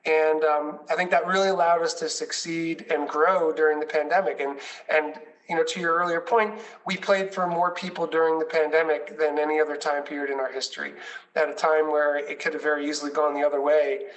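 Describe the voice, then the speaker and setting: A man's voice: fairly high pitch, little pitch movement, a little fast, fairly bright tone, far from the mic, rough recording. A man leading a nonprofit, telling stories with enthusiasm and many fillers in a conversational chat. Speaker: nonprofit leader.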